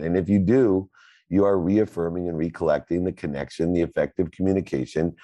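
A man's voice: sits low, dark tone, dry recording. A man host giving a motivational talk to a live audio room, emphatic with a preacherly cadence.

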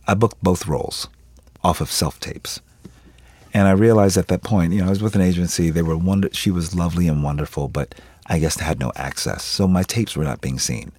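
A very deep, husky male voice, recorded close and dry on a studio mic. He tells stories in a radio interview with lively energy and acts out the people he quotes. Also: dry recording. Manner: animated storyteller acting out quoted voices. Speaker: actor guest.

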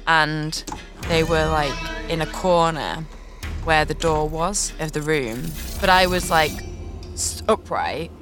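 Podcast host, woman, 30s, earnest confessional storytelling over music. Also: deep voice. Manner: earnest, reflective, with nervous laughs. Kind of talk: personal storytelling.

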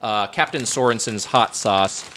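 A man's voice: on the low side, unhurried, fairly bright tone. A man co-hosting a casual food podcast, rambling and correcting himself as he jokes and reviews. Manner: rambling, self-correcting, jokey. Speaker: podcast co-host.

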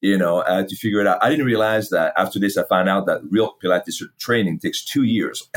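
A man's voice: low voice, brisk. A middle-aged man, a fitness company founder, telling his story in a casual interview, candid and cursing freely while acting out old conversations. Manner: candid, swears freely, acts out past dialogue.

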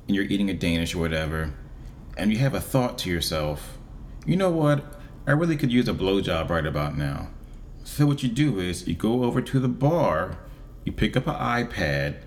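A man giving a casual, wry monologue as a vlogger, with deliberate pauses. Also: sits low, a little hiss or hum.

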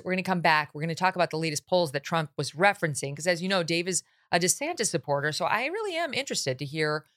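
A woman hosting a political talk show, talking with sarcasm and mocking asides. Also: low-pitched. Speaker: host.

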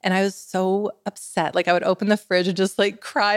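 A wellness expert in her forties guests on a casual podcast, telling stories animatedly with lots of "like" fillers. Her mid-range voice is brisk with few pauses, and the recording is dry and studio quality.

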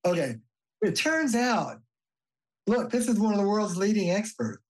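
An older man, a family therapist, talking as a guest in a podcast interview, telling stories in an animated, emphatic way and swearing casually. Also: high voice, unhurried, rough recording.

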